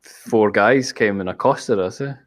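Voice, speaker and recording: A man's voice: lowish voice, measured pace. A Scottish man in casual chat, adding details to a shared story and backing up his friend with short agreements.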